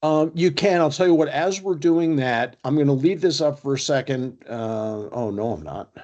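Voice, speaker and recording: A man presenting an online workshop on a video call, talking briskly with a storytelling manner and plenty of fillers. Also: mid-range voice, darkish tone, muffled recording.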